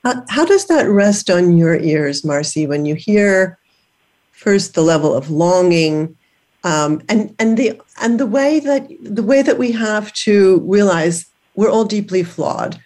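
A woman's voice: mid-range voice, expressive, a little slow, a little mellow. A woman hosting an interview, asking reflective questions in a searching way, circling and repeating as she goes. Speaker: podcast host.

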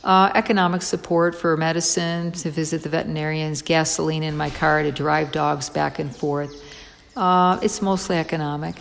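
Woman interview guest, lowish voice, excitable storyteller, reverberant room. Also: moderate pace, gravelly. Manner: lively, excitable storyteller, frequent fillers. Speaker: interview guest, dog rescuer.

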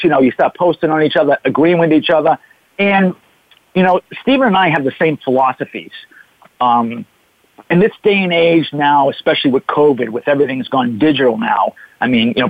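A man's voice: mid-range voice, no room sound. Chatty Boston man on a dull radio line. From Boston area, USA. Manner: chatty, jokey, self-interrupting. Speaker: fitness trainer guest. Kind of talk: casual call-in radio chat.

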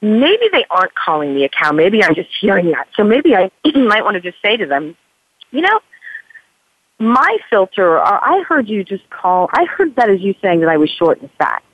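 A woman's voice: mid-range voice, sing-song, normal speed, slightly rough, no echo. A woman in her forties talks candidly as an interview guest. She rambles earnestly and leans on "you know" often. Her voice comes through a thin, tinny phone line with a dry, close sound. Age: 40s. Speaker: author guest. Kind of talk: candid podcast interview talk.

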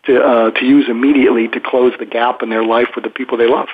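This is an older man on a phone-quality line, speaking with a somewhat husky voice. He is a psychiatrist guest who explains things at length. He rambles through his points, with frequent fillers and restarts. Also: mid-range voice, flat delivery, quick pace. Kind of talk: casual explanatory interview talk.

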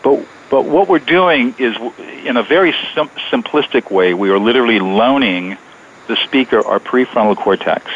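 A man being interviewed as a guest author on radio, explaining his method in a measured, step-by-step way. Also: mid-range voice, animated, a little hiss or hum. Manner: measured, explanatory, steps through points. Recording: dull lo-fi radio sound.

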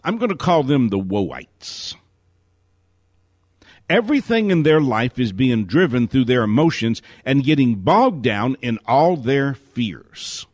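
A man's voice: medium pitch, dry recording, clean studio sound. A man giving a motivational talk as host, with an emphatic, preacher-like delivery. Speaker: motivational speaker hosting a radio talk.

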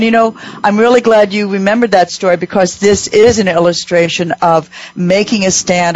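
A woman hosting a radio talk show, telling a workplace story with lively acted-out dialogue. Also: medium pitch, no echo, highs cut off. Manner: animated storyteller, acts out quoted voices.

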